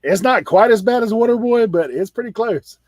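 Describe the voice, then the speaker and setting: A man from North Carolina's Outer Banks, a reseller host, speaks in a high-pitched, animated, fairly quick voice with a darkish tone and a drawl. He's chatty on a video call hangout, trading casual banter packed with fillers, laughing often and saying "like" constantly. The close mic is dry, with no echo.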